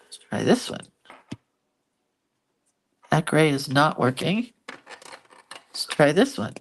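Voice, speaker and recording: Lady doodling on a live stream, lowish voice, talks slow and chatty, thinks out loud. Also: sing-song, slight background noise. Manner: chatty, muses aloud while drawing and reading viewer comments. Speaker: hand-lettering and doodling host. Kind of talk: casual craft livestream chat.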